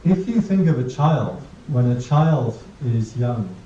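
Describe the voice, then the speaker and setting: Dark-voiced monk giving a joking talk. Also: male voice, mid-range voice, very animated, slow. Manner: humorous, anecdotal, laughs at own jokes. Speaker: Buddhist monk teaching mindfulness. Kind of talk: casual dharma talk to a class. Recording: dull distant roomy recording.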